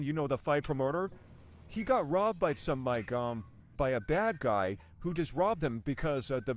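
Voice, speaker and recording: A young man from the United States rambles through a casual movie review. He often restarts his sentences and tosses in rhetorical questions. His voice sits a little high and moves around a lot. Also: slight background noise.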